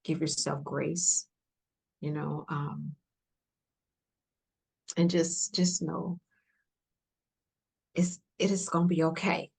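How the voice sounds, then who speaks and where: A woman's voice: deep voice, steady tone, takes it slowly, creaky, long pauses, slightly rough. A woman guest on a podcast, speaking earnestly and emotionally, repeating herself and dropping into near-whispers as she encourages listeners. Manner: earnest, repetitive, softly emotional, drops to whispers. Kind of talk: heartfelt conversational encouragement.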